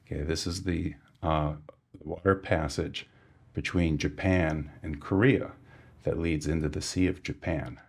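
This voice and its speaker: Deep, gravelly man explaining sonar history. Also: steady tone, a little slow. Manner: explains with many fillers and restarts. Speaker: sonar engineer guest. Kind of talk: technical explanation in a podcast conversation.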